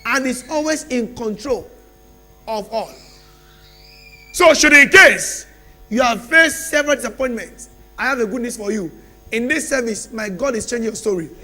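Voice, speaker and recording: A man pastor preaching a sermon at a church service, shouting declarations and calling for the congregation to respond. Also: very high-pitched, slight background noise.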